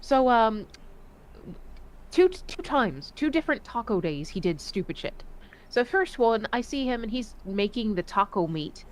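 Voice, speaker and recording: A woman who served in the Navy, telling profane, animated stories in a casual voice chat. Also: fairly high pitch, measured pace, slight background noise. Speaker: Navy veteran storyteller.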